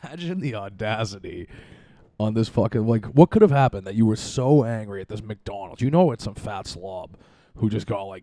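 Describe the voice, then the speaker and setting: Laid-back, low-voiced podcast host. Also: male voice, normal speed, dark tone, no echo, studio quality. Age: young adult. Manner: rambling, joking, swears a lot, laughs often. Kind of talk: casual chat. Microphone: close podcast mic.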